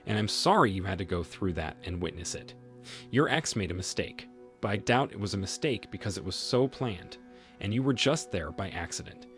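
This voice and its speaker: A man narrating a first-person story and a short reaction, reading steadily without fillers. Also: lowish voice. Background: faint background music.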